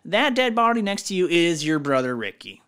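A man playing a loud, excitable radio game show host in an improvised comedy sketch. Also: fairly high pitch, brisk, smooth. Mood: showy. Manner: yelling, hammy announcer delivery.

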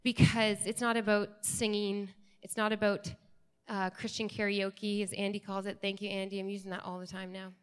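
A woman's voice: mid-range voice, little pitch movement, normal speed, clean tone. A woman worship leader speaking earnestly from the church stage in a casual way, often saying "like". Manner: earnest, fills speech with "like". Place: church sanctuary.

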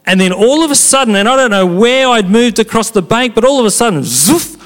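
A pastor preaching a sermon in a casual, conversational way, telling stories with lively energy. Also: male voice, very high voice, brisk. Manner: animated storytelling, conversational preaching. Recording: long hall reverb.

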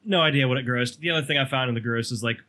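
A man co-hosting a casual horror podcast, talking haltingly and repeating words. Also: mid-range voice, pushed and bright. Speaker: podcast co-host.

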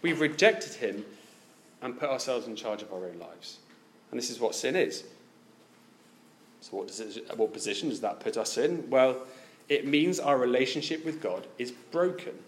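Guy preaching a sermon, really lively up and down voice, keeps asking the crowd questions. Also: mid-range voice, moderate pace, slight background noise. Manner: lively, asks the listeners many direct questions.

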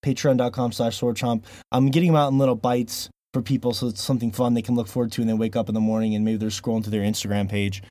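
A man's voice: mid-range voice, flat delivery, quick pace, hardly any pauses, mellow, no echo. A man hosting a casual podcast, joking and laughing often. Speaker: podcast host.

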